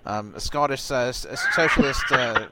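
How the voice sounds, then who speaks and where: A man's voice: mid-range voice, normal speed, heavy background noise, lightly acted. A man playing a pompous retired British colonel who stammers and gets indignant when doubted. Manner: stammering, indignant, easily flustered. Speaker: prank caller posing as a reporter.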